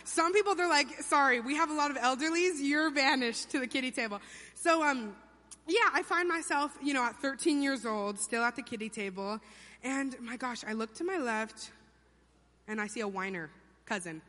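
Young woman preacher, high bright voice, joking around in a big echoey church. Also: normal speed. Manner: chatty, playful, acts out quotes in funny voices. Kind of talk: sermon. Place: church sanctuary. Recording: long hall reverb.

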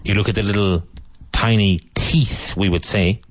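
Deep-voiced man teaching English vocabulary. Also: fairly even intonation. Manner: repeats each word slowly and explains pronunciation. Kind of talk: vocabulary lesson for Spanish speakers.

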